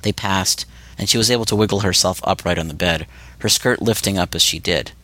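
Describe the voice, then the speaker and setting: Deep-voiced male audiobook narrator. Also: brisk, pushed and bright, dry recording. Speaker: author and narrator.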